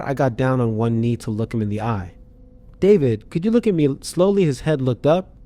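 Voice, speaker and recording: A man's voice: mid-range voice, dark tone. A man narrating a first-person horror story in a tense, dramatic reading.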